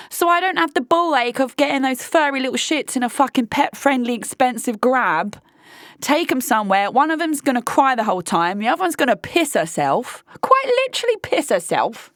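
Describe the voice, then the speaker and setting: A woman's voice: a little high, lively intonation, moderate pace, a bit bright, no room sound, clean studio sound. A woman hosting a casual monologue podcast, blunt and sweary, talking straight to her listeners. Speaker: podcast host.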